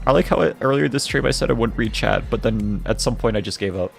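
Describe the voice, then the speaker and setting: A man's voice: on the low side, quick pace, creaky, soft background music. A man streaming a game and chatting casually, laughing often as he answers his viewers' messages. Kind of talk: casual livestream chat.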